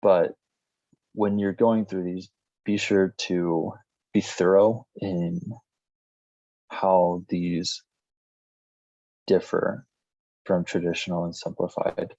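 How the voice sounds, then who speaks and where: A man teaching a recorded language lesson, reading word lists one item at a time in a plain, steady way. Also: low-pitched, slow pace, vocal fry, pauses often, no echo. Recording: slightly dull lo-fi recording.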